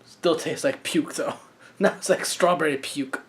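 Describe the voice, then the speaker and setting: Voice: mid-range voice, normal speed. A reaction video host giving casual, joking commentary while watching an anime episode, thinking aloud with fillers and asides.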